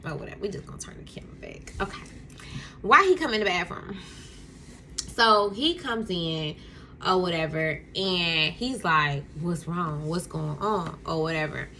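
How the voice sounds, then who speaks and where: A woman's voice: lowish voice, moderate pace, slight background noise. A young woman casually telling a storytime to her camera at home, acting out quotes and laughing often. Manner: animated, acts out quotes, laughs often, addresses viewers as y'all. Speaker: storytime vlogger. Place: home room with a Christmas tree.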